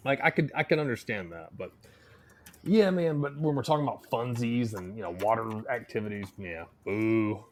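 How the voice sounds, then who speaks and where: A man's voice: medium pitch, animated, a little fast. A man co-hosting a casual podcast, laid-back and chatty, peppering his talk with "man" and "dude". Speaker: podcast co-host.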